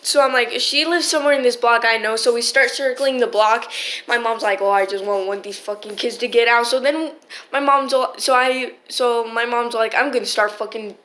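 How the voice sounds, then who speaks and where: A woman's voice: a little high, fairly even intonation, moderate pace, fairly bright tone, a little hiss or hum. A teenage girl telling a rambling, swear-filled storytime into her phone, full of restarts. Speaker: vlogger. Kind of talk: casual storytime.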